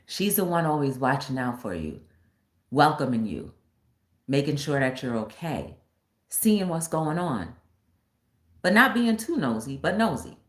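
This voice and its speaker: A woman's voice: deep voice, sing-song, unhurried, pauses often. A woman talk show host casually retelling a film story, acting out the scenes as she goes. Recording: echoey room with faint noise.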